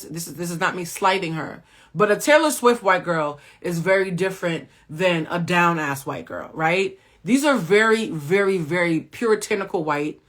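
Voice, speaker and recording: A woman hosting a pop-culture recap, sassy and talking straight to her viewers, swinging between loud exclamations and a soft, low voice. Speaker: host and cultural critic.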